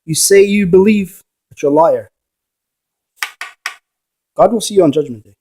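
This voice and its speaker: A man's voice: sits high, moderate pace, vocal fry, warm tone, slight background noise. A man who investigates ghosts, giving a rambling, preachy monologue and arguing with the viewer through rhetorical questions. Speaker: paranormal investigator.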